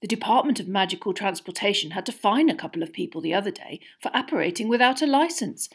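A woman's voice: mid-range voice, expressive, fast talker. Woman reading as a chatty wizard dad. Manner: chatty, matter-of-fact. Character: fussy kindly middle-aged wizard father.

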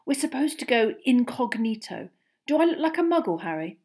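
A woman's voice: a little high, big pitch swings, fairly quick, a little mellow, husky, pitched above the performer's own voice. Woman reading as a chatty wizard dad. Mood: anxious. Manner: chatty, matter-of-fact. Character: fussy kindly middle-aged wizard father.

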